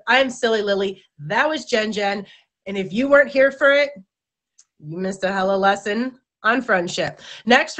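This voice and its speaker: A woman's voice: fairly high pitch, fairly bright tone. A woman hosting a live-stream talk show, chatty and giggly, stumbling over her words as she reads out viewer comments. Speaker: host.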